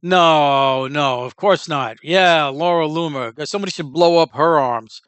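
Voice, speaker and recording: A man talks through a casual opinion monologue in a fairly high voice, wandering from point to point with blunt, offhand remarks. The sound is dry and close, with no room around it. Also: unhurried, fairly bright tone, clear, resonant tone, no echo. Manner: rambling, digressive, blunt. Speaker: commentator.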